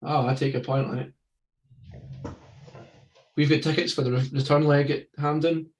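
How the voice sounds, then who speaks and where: A Scottish man co-hosting a podcast, giving quick running football commentary between casual chat. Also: a little high, steady tone, echoey room. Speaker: podcast co-host. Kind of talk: live football watchalong commentary.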